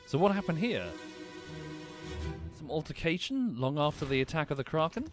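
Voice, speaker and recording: A man gives casual commentary on his game stream, thinking aloud with a lively, swinging voice. He keeps apologizing and correcting himself, while faint game music plays underneath. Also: a little high, moderate pace.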